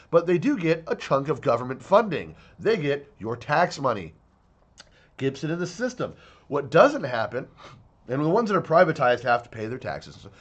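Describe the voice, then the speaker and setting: A man's voice: medium pitch, highs cut off. A man giving a heated, profane video commentary rant, sounding exasperated. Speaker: online commentator.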